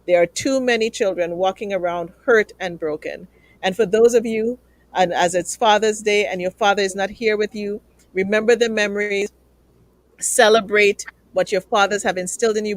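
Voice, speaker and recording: A woman's voice: mid-range voice, dry recording. Earnest woman host, dry sound. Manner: emotional, earnest, pleading. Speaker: talk show host. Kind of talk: live show sign-off to viewers.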